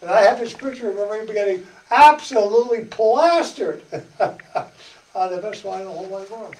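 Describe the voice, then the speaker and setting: In an echoey church meeting room, recorded from afar with faint hiss, a parish presenter gives a folksy study-group talk. His high, slightly mellow voice is animated at a moderate pace as he chats, laughs and acts out dialogue.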